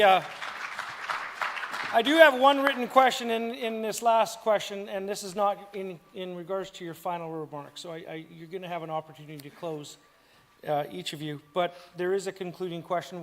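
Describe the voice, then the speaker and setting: Brief: male moderator, high-pitched, easygoing, roomy hall with a faint crowd. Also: fairly quick, fairly bright tone. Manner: casual and folksy. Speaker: forum moderator. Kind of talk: moderating a debate. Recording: reverberant hall with audience.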